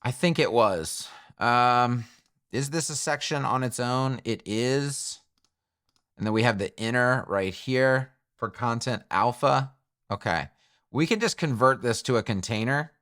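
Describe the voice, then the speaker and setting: Bright-voiced man thinking aloud. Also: mid-range voice, a little slow. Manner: thinks aloud, chatty and self-correcting. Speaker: web design tutor. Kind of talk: screen-recorded coding tutorial.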